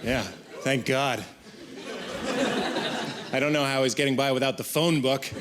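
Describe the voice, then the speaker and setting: A man doing a stand-up comedy set, telling jokes in an animated way and jumping into high mock voices. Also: moderate pace, a loud crowd, very noisy.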